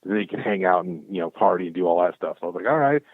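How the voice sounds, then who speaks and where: A man with a fairly low voice tells stories with excitable energy, acting out what everyone said. His voice comes through a thin, tinny call line that sounds like a phone. The sound is dry, with no room around it. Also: very fast, dry recording. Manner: excitable, acts out quoted exchanges. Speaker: guest, clothing brand founder. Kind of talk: casual storytelling chat. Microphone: call audio.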